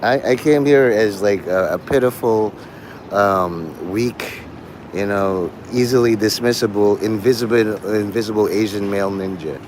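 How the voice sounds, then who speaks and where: A man's voice: fairly low pitch, normal speed, noisy background. A man hosting a casual livestream, rambling, laughing often and swearing freely. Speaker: livestream host.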